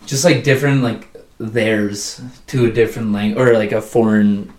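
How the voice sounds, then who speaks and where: A man's voice: fairly low pitch, steady tone, normal speed, a little mellow, echoey room. A man chatting casually as a podcast guest, rambling through stories with lots of fillers and laughs. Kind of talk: casual chat.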